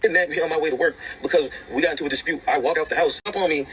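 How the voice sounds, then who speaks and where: Young man, aggrieved, slangy, rapid delivery, slightly high voice. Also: sharp tone, a little hiss or hum, low-quality recording. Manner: aggrieved, recounting grievances, casual slang. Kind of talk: aggrieved storytime monologue.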